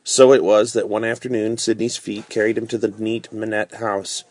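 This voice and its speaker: A man reading a classic novel aloud as a bedtime story, calm and unhurried with occasional fillers. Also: fairly low pitch, no echo.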